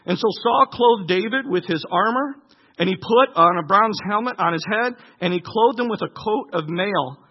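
Preacher with a husky, high voice. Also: male voice, lively intonation, normal speed. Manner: reads scripture aloud and breaks off to comment. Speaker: pastor. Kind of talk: sermon. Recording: dull lo-fi recording with long hall reverb.

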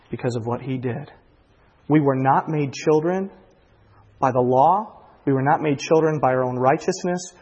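A man in his thirties preaching a sermon as pastor, moving from quiet reflection to fervent preaching. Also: mid-range voice, slightly rough, lo-fi sound. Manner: builds from quiet reflection to impassioned, near-shouted preaching. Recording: long hall reverb.

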